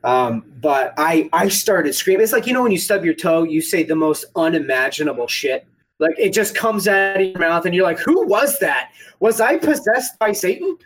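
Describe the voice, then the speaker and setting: A man's voice: on the high side, lively intonation, normal speed, a bit bright, poor audio. A man casually telling a rambling, profane story about getting shot at an airsoft game. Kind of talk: casual podcast chat.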